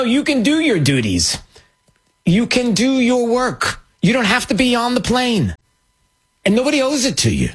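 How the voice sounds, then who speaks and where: Sarcastic husky man with a lively voice. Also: on the high side. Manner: sarcastic, mocking, animated. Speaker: commentary show host. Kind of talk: opinion commentary.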